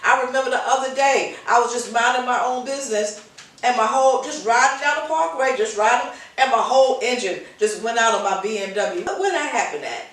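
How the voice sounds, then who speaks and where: A woman's voice: a little high, a little fast, a bit bright. A woman hosting her own show, giving an informal preaching talk with passionate, repetitive exhortation. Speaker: host. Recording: very echoey, voice distant from mic.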